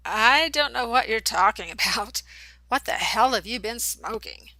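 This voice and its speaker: A polite, easygoing teenage boy, read by a woman narrator in a storybook reading. The voice is fairly high and bright, and the sound is close and dry. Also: lively intonation, a little slow, no room sound, heavily acted. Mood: puzzled. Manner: easygoing, apologetic.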